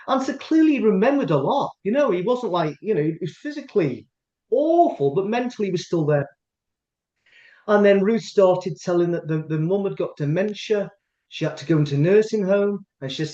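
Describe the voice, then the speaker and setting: A middle-aged Scottish man hosting a casual chat podcast tells a long, rambling anecdote, restarting often. His high voice is expressive and brisk with a darkish tone, captured in an echoey room with dull, lo-fi sound.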